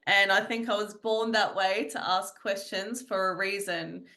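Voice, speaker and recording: A woman's voice: mid-range voice, fairly even intonation, measured pace, pushed and bright. A woman guest in an interview, speaking earnestly about her spiritual teachings and often repeating phrases. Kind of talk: reflective conversational interview.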